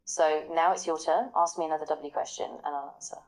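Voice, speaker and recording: Low-voiced AI woman, practice partner, smooth, upbeat, always encouraging. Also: steady tone, a little fast, darkish tone, poor audio. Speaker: AI voice assistant.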